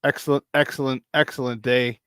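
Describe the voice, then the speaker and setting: A man hosting sports talk at an easy middle pitch. He rambles excitedly and laughs often. The sound is dry and close to the mic. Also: a little fast, smooth, no echo. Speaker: sports talk show host.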